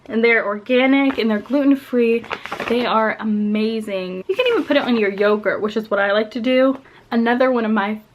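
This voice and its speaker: A woman's voice: on the high side, normal speed, a little hiss or hum. A young woman vlogging casually to camera, chatty and enthusiastic about her favorite snacks. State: out of breath. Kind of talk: casual product talk to camera.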